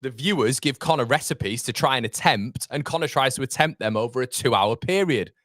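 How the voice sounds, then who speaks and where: Thirty-something male host, restless and chatty, mid-pitched, recorded dry and close. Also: brisk, no echo. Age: 30s. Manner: animated, rambling, swings from laughter to exasperated rants. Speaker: fan channel host. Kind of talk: live football watchalong chat.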